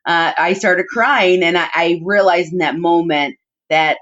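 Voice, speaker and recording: Her voice is lowish and a bit bright, and she speaks unhurriedly as a podcast guest telling heartfelt family stories in conversation. She sprinkles in lots of "like" and "you know," and the audio is dull and muffled.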